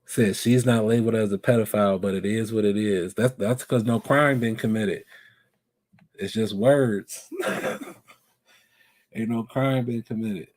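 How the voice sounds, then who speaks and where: Guy hosting a live stream, talks loose and lively and keeps asking the viewers stuff. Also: fairly low pitch, unhurried, pauses often, no echo, clean studio sound. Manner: animated, asks viewers questions. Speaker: live show host. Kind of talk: casual live stream chat.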